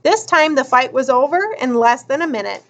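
A woman narrating a children's novel in an expressive, deliberate audiobook reading. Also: high voice, lo-fi sound.

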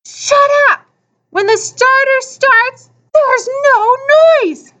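A woman's voice: extremely high pitch, takes it slowly, very noisy, voice pushed up. A woman voicing a short-tempered boy who barks commands as a race starter in a storybook reading. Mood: bossy. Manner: barking commands.

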